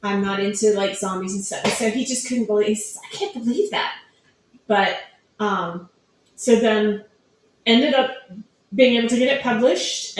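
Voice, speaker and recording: A middle-aged woman chats easily about her books, slipping into quick voices for the people in her stories. Her voice sits a little high and rings in a very echoey room. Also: a little hiss or hum. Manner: chatty storytelling, acts out family quotes. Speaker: author guest. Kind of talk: casual interview chat.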